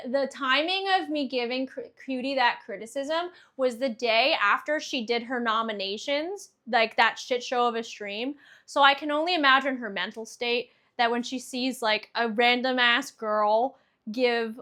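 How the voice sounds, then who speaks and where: A woman's voice: a little high, sharp tone. A young woman chatting casually on a stream, reading viewer answers aloud, laughing often and swearing freely.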